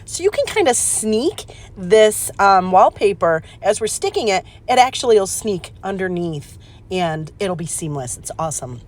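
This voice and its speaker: A woman hosting a casual craft demonstration, chatty and excitable, laughing at her own mistakes and filling pauses with "um". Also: mid-range voice. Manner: chatty, excitable, self-deprecating, lots of "um". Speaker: craft channel host.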